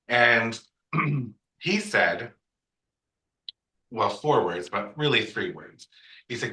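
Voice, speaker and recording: Frank, sassy man with a bright voice. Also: medium pitch, animated, drawn-out words, pauses often. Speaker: podcast guest. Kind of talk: candid personal storytelling. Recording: echoey room, distant mic.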